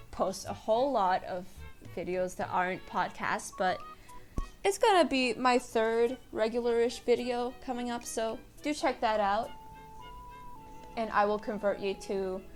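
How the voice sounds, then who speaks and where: A young woman hosting her own podcast, chatting casually and rambling in a self-deprecating way. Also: mid-range voice. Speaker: podcast host. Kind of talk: casual solo podcast chat.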